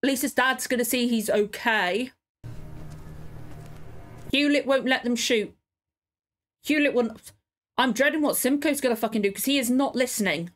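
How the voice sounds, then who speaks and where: Woman reacting to a show, high voice, swears a lot, gets worked up. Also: moderate pace, long pauses. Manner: emotional, swears freely, pleads with the characters on screen. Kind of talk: casual reaction commentary.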